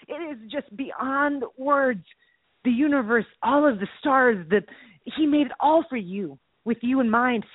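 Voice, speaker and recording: This is a bubbly woman, chatting about faith with a co-host. Her voice sits high and sounds dry and close. It comes through a tinny, phone-like line. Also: slightly rough, no room sound. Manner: bubbly, breaks into laughter, acts out movie lines. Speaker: podcast co-host. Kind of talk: casual chat about faith.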